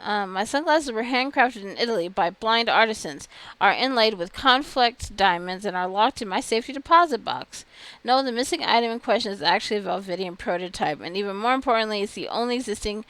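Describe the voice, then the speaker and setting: A woman reading the lines of a smug, self-important male executive in a brisk manner. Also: medium pitch, lively intonation, fairly bright tone, no room sound, lightly acted.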